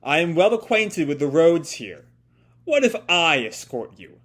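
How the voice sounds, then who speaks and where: A man's voice: a little high, very animated, unhurried, fairly bright tone, heavily acted. A man voicing a smug flame-powered man who taunts the girl he is chasing, drawing out his mocking lines. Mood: polite offer.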